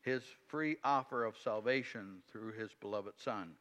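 A man preaching with bright, forceful emphasis and tossing in quick tag questions. His voice rings with a long reverb through a large hall. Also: lowish voice. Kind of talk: sermon.

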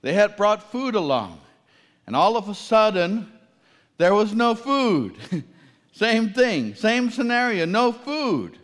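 A man's voice: sits high, big pitch swings, slow pace, a bit bright, long reverb tail. A man preaching a sermon, asking his listeners questions and repeating key phrases for emphasis.

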